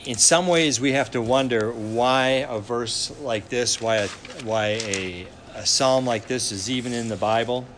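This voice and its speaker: A man reading a psalm aloud and then preaching on it, in a deliberate way with frequent pauses. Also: mid-range voice, fairly bright tone, a little hiss or hum. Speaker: pastor. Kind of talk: sermon.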